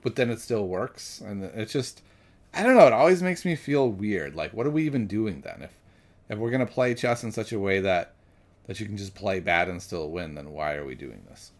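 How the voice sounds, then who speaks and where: A man thinking aloud as he solves chess puzzles, musing and correcting himself, then chatting with viewers. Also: on the low side. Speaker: chess streamer.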